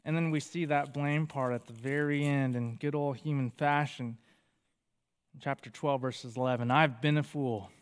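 A man's voice: mid-range voice, normal speed, smooth, big-room sound. A male pastor preaching a sermon, reading scripture aloud with feeling and explaining it to the congregation. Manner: animated, reads scripture with feeling.

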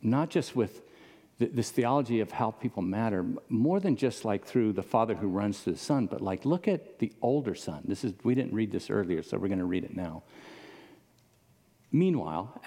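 Mellow-voiced pastor in a reverberant hall. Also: male voice, lowish voice. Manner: casual, asks the audience questions. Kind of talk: conversational sermon. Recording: long reverb of a large hall.

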